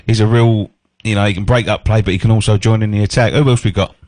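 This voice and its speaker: A man's voice: on the low side, fairly even intonation, fast, a little mellow, no room sound. A man co-hosting a radio show, chatting about football in matey banter. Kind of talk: casual football chat.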